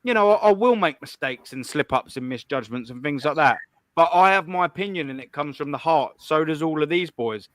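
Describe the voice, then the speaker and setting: Young male streamer, combative and sweary, higher voice, close dry delivery. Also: expressive, brisk, no echo. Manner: blunt, profane and combative. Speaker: live stream host. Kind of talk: ranting call-in stream commentary.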